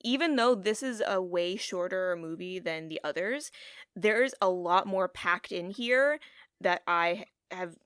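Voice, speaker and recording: A woman's voice: fairly low pitch, animated, unhurried, fairly bright tone, clear, resonant tone, dry recording, clean studio sound. A woman co-hosting a podcast in casual chat, rambling and giggly with a taste for puns. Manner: giggly, rambling, pun-loving. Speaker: podcast co-host.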